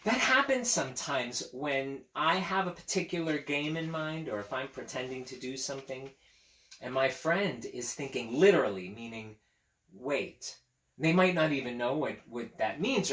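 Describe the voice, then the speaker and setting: A man, a teacher, reading a picture book aloud to children and chatting gently with them about it. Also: medium pitch, expressive, normal speed, reverberant. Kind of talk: children's story read-aloud.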